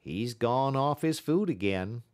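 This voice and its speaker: A man voicing a gruff frontier dog musher who talks in a rough folksy drawl with sharp exclamations. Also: mid-range voice, expressive, takes it slowly, pitched above the performer's own voice.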